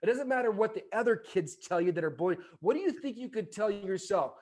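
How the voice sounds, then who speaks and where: Lively in intonation and brisk, his high-pitched voice carries a darkish tone. He's a man in his forties, a former ballplayer guesting on a podcast, casually recounting a story and animatedly doing the voices of its characters.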